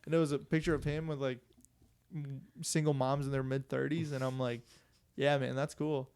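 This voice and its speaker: Male podcast co-host, gravelly, mid-range, rambling and profane. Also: mid-range voice, level tone, a little fast, darkish tone. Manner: loose, profane storyteller with frequent "like" and laughs. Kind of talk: casual podcast chat.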